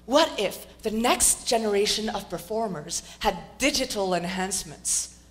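A woman's voice: medium pitch, expressive, a little slow, fairly bright tone. A woman giving a dramatic, theatrical stage talk in a large auditorium, rousing the audience with rhetorical questions. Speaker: speaker.

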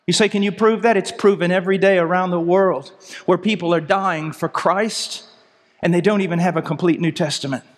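A middle-aged man from the United States preaching a sermon, impassioned, moving from loud pleading to low intensity. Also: steady tone, fairly quick. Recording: long reverb of a large hall.

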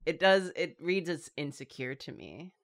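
A woman's voice: low voice, big pitch swings, normal speed. A woman hosting a drawing show, chatting casually and teasing her co-hosts with frequent laughter. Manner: laughs often, playful teasing. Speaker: show host. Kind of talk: casual chat while drawing.

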